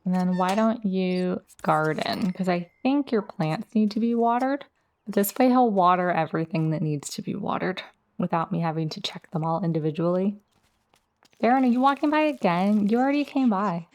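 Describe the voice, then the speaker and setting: Woman host, low-ish voice, easygoing game commentary with asides to her characters. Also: normal speed. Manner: chatty, talks directly to her game characters. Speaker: let's play host. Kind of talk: casual gameplay commentary.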